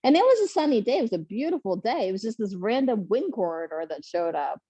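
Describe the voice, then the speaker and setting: A woman on a panel telling a lively, laughing story about her first marathon and acting out what people said. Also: mid-range voice, quick pace, slightly rough, no room sound. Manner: animated, laughing, acts out quotes. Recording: muffled lo-fi sound.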